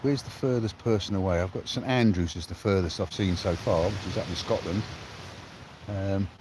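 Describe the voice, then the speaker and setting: A man's voice: sits low, moderate pace. A man rambling in friendly chatter to live-stream viewers while fishing outdoors on a beach. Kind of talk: casual live-stream chat. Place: outdoors on a shingle beach by the sea. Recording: loud wind and surf outdoors.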